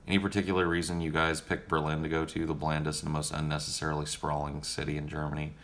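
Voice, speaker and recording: A man's voice: very deep voice, completely flat delivery, quick pace, a bit bright. A young man casually answering viewer questions on a livestream in a profane, joking, laid-back way.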